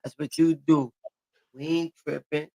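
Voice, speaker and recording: A man in his forties riffs in loose, boastful, profane banter. His voice sits a little high and has a gravelly edge to it. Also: level tone, measured pace, a little mellow. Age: 40s. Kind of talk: casual chat.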